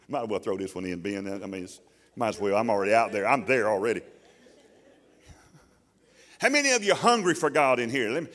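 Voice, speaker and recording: A man preaching a sermon to a congregation in a folksy, animated way, often mimicking voices. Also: on the low side, normal speed, pauses often, long reverb tail. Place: church hall before a congregation.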